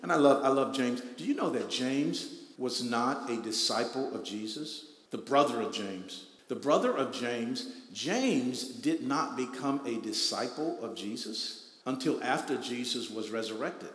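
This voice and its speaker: A pastor preaching a sermon, repeating lines and swelling into loud emphatic bursts before dropping back to a low, quiet tone. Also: male voice, animated, a little slow, hardly any pauses. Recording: echoey hall with long reverb.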